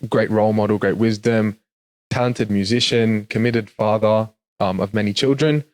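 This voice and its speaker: A man's voice: lowish voice, steady tone, normal speed. A man hosting a faith podcast, chatting hesitantly with many "um"s and reading scripture aloud. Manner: hesitant, lots of "um"s, laughs easily. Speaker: podcast host.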